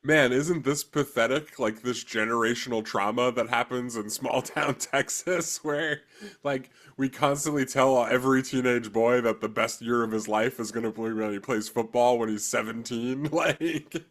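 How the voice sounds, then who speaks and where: A man's voice: medium pitch, moderate pace, fairly bright tone. A man co-hosting a movie podcast, talking casually in a rambling way, full of fillers and giggles. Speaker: podcast co-host. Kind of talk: casual chat.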